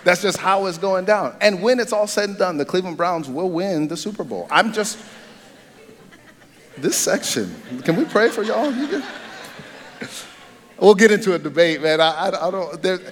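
A man preaching a sermon to a congregation, playful and joking, with loud excited bursts between quieter earnest stretches. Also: high-pitched, moderate pace, long pauses. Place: large church hall. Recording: long hall reverb.

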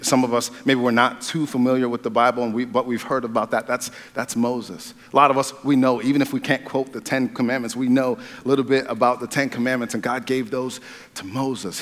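A man of middle pitch preaching a sermon in a big church hall, his voice trailing into a long reverb. He jokes with the crowd and jumps into loud excited bursts, then settles into quieter earnest talk. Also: brisk.

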